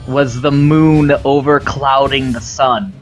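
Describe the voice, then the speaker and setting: A man's voice: medium pitch, steady tone, slow, faint music behind. A man giving casual, sarcastic and profane commentary while playing a video game. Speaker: let's play host.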